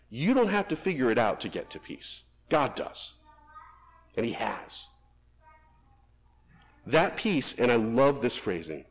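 A man preaching a sermon, rising to emphatic peaks and dropping to soft, hushed phrases, then praying slowly and quietly. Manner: lively, swinging between emphatic rises and soft hushed drops; soft, low, slow prayer voice. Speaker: pastor.

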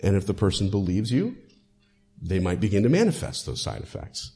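A man's voice: fairly low pitch, sing-song, brisk, warm tone. A male pastor preaching a sermon, emphatic and conversational, with frequent "uh" fillers.

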